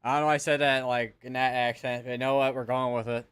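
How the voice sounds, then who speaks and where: A man's voice: mid-range voice, flat delivery, fast, fairly bright tone, smooth. A man hosting live severe weather coverage, talking casually and thinking aloud as he clicks through weather maps. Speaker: severe weather stream host.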